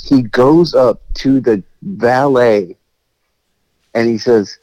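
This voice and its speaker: A man in his late thirties telling a story in casual chat, animated and swearing, acting out quotes. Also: medium pitch, slow pace, no room sound, muffled recording. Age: 30s.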